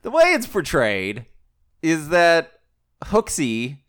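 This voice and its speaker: A man's voice: on the high side, sing-song, slow, fairly bright tone, smooth. A man co-hosting a casual movie recap, exasperated and sarcastic, swearing freely. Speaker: podcast co-host.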